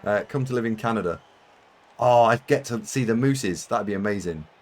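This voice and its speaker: His voice sits on the low side and he speaks at a normal speed. A man from the United Kingdom, he chats loosely with viewers while gaming on a live stream, rambling, self-deprecating and often laughing.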